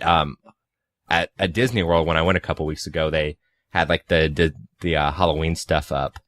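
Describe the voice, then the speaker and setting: Low-voiced man in his twenties, rambling. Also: a bit bright, no room sound, studio quality. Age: 20s. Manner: rambling, filler-heavy, sarcastic asides. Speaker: podcast co-host. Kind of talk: casual podcast chat about movies.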